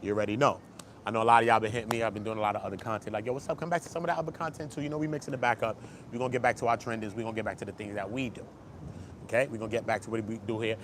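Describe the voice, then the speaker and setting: A man hosting an online gossip commentary show, talking fast and slangy, swinging from low mutters to loud excited bursts. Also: noisy background. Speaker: YouTube commentary host. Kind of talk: animated street-gossip commentary.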